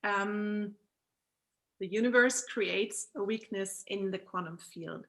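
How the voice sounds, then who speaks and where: A German woman with a German accent joins a video call as a guest coach, explaining things casually while laughing often and saying um a lot. Her voice is mid-range and fairly bright, and she speaks slowly.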